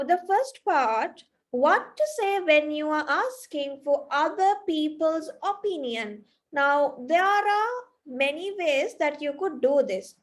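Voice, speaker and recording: High-voiced Sri Lankan woman teaching English. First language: Sinhala. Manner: explanatory, often checks with "right?" and starts with "now". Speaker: English tutor. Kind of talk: online spoken English lesson.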